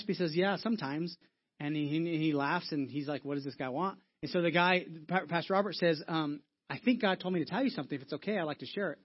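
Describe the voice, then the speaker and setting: A man's voice: a little high, lo-fi sound. A man preaching a sermon as a church pastor, telling stories conversationally with frequent restarts and repeated words.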